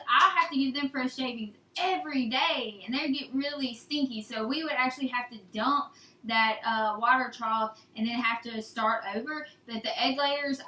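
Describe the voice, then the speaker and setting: A young woman with a drawl talks viewers through a hands-on homestead how-to in a chatty, folksy way. Her voice sits high and bright. The room around her is noticeably echoey. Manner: chatty, folksy, addresses viewers as y'all and guys. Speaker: homesteading vlogger. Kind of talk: casual how-to talk.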